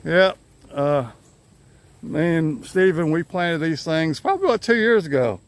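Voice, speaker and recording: A man's voice: a little high, animated, moderate pace. Older man rambling outdoors. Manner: rambling, easygoing, chuckles often. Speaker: vlogger. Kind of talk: casual chat to camera. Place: outdoors in his yard. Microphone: handheld phone camera.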